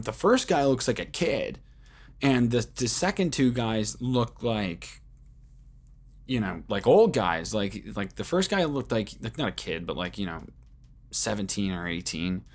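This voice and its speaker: Profane rambling man telling stories. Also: on the low side. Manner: rambling, heavy swearing, many fillers. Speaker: podcast host. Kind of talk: casual storytelling monologue.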